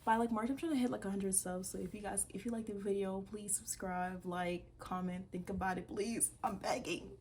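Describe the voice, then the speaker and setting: A young woman hosting a casual vlog, reading posts aloud and reacting with animated disbelief and swearing. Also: mid-range voice, fairly quick, few pauses, a little hiss or hum. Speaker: video creator.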